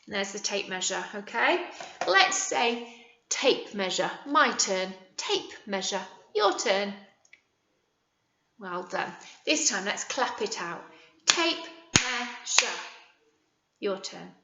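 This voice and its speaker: A woman teacher with a British accent leading a young children's phonics lesson, modelling words slowly and encouragingly. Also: medium pitch, very animated, vocal fry, noisy background. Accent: British English. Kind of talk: early years phonics lesson. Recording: echoey room, dull lo-fi sound.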